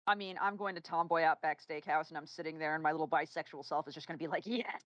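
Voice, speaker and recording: A woman's voice: low voice, fairly even intonation, racing, a bit bright, no room sound, dull audio. A woman hosting a casual podcast chat, playfully asking questions and laughing along. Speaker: host.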